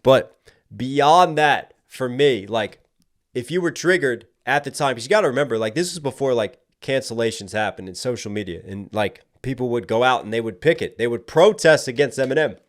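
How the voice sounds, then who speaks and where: A man's voice: medium pitch, expressive, moderate pace. A man, a rapper, giving music reaction commentary, analytical and emphatic as he makes his points. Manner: analytical, talks with lots of "like" fillers; gets emphatic when making a point.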